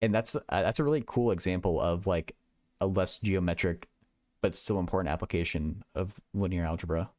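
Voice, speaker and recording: A man's voice: low-pitched, a little fast, no echo, studio quality. A young man hosting a casual livestream, thinking aloud in a rambling way with many stammered restarts. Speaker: livestream host.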